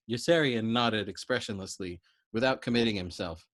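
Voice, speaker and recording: A man reads a novel aloud in narration. His delivery is steady and low-key, at an everyday middling pitch. He keeps it plain between the voiced lines. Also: normal speed. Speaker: storyteller.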